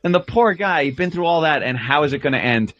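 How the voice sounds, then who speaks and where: A man's voice: on the high side, lively intonation, fast talker, a bit bright, no echo, soft background music. A man hosting a radio show, telling crude, rambling stories in studio banter. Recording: dull lo-fi broadcast audio.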